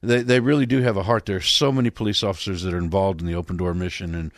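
A man's voice: sits low, fairly even intonation, quick pace, no echo, studio quality. A man hosting a casual interview, talkative and given to preachy asides. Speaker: interview host for a rescue mission.

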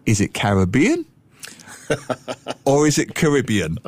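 A man talking on the radio with a lot of swing in his pitch, playful and animated as he slips into little imitations. The sound is close and dry, with no room around it. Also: measured pace, breathy edge, dry recording. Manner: animated, playful, mimics voices and accents. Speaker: radio co-host, language commentator. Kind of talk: casual radio chat.

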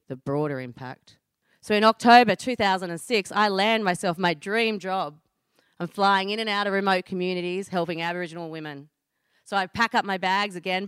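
An Australian woman in her thirties giving a heartfelt personal storytelling performance, earnest, with deliberate pauses. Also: fairly low pitch, smooth, dry recording, studio quality.

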